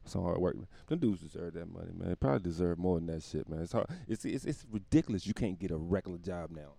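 A man's voice: low-pitched, quick pace, creaky, dark tone, no echo. A man hosting his own podcast, rambling through a profane comedic monologue and laughing at his own jokes. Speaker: podcast host.

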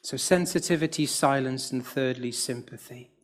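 Man, middle-aged, from the UK, sermon, gentle and pastoral, a bit higher-pitched. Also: measured pace. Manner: gentle, pastoral, with a light humorous aside. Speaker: preacher.

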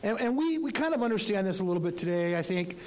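A man's voice: high-pitched, big pitch swings, fast talker, a little mellow, poor audio. Conversational male pastor preaching. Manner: conversational, rhetorical questions, light humor. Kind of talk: sermon.

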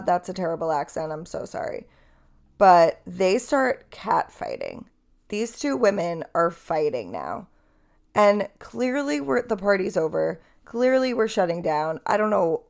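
A woman's voice: lowish voice, darkish tone. A young woman hosting a podcast, telling a story in a chatty, candid way with casual swearing. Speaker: podcast host.

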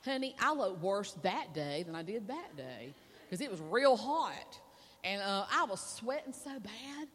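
A woman's voice: medium pitch, big pitch swings, measured pace, husky. A woman, a preacher's wife, delivering a sermon in a chatty, conversational way with asides to the audience. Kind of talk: sermon with personal storytelling. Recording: long reverb of a large hall.

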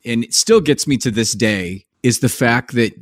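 A man's voice: medium pitch, moderate pace, dry recording. Rambling male podcast host, dry sound. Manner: rambling, restarts his questions. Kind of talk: interview questions and reactions.

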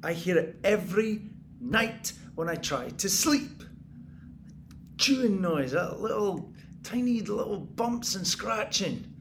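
An actor playing an exhausted, paranoid male tenant in an audio drama, muttering and taunting, then bursting into angry shouts. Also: high voice, animated, slow, gravelly, slight background noise. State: exhausted and sleepless. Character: paranoid sleepless male tenant, bitter and unraveling. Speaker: sleepless tenant hearing noises in the walls.

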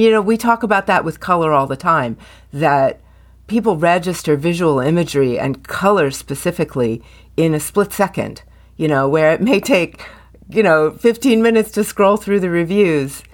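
A middle-aged woman co-hosting a podcast, talking thoughtfully with many "um"s and "you know"s. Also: low-pitched. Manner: thoughtful, hesitant, many fillers. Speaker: podcast co-host, color consultant. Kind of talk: casual podcast chat.

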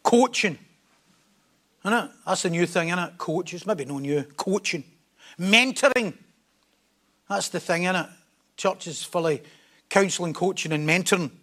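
A man's voice: high voice, animated, measured pace, pauses often, a bit bright. A man preaching a sermon in an emphatic style, repeating key phrases for weight.

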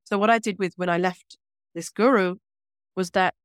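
A woman from Britain, a guest scholar speaking in a measured, earnest way with deliberate pauses in an interview. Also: fairly low pitch, fairly even intonation, dry recording, clean studio sound. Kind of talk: reflective interview talk.

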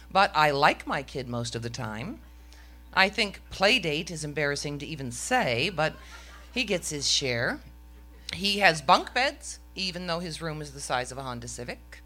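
Bright-voiced woman telling a wry story. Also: low voice. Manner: wry, self-mocking comic delivery. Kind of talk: live stage storytelling. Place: stage before a live audience.

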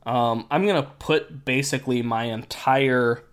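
A man hosting a casual podcast chat, explaining things in a relaxed way with many fillers while his voice is going hoarse. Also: mid-range voice, measured pace. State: losing his voice. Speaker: podcast host.

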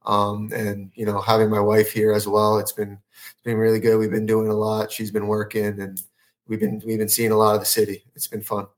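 A laid-back male athlete talks on a podcast. His voice is low and fairly flat, with little rise and fall. He answers easily and casually. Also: a little fast. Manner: laid-back, lots of "you know" fillers. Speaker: professional soccer goalkeeper, guest.

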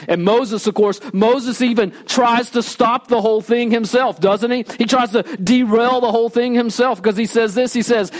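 A man pastor preaching a conversational sermon at a church service, animated and casual, often checking in with the audience and sometimes dropping to a quiet low voice for emphasis. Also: normal speed, few pauses.

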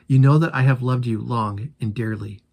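A man's voice: mid-range voice, fairly even intonation, moderate pace, gravelly, a little mellow. An earnest young man pours out his heartbreak in a pleading voice, as a man reads his lines aloud. He sounds sincere and openly wounded.

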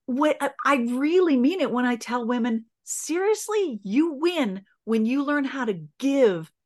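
A woman's voice: high-pitched, animated, a little slow, a little mellow. A middle-aged woman speaking as a podcast guest. She tells a personal story earnestly and with feeling, stopping and restarting as she goes.

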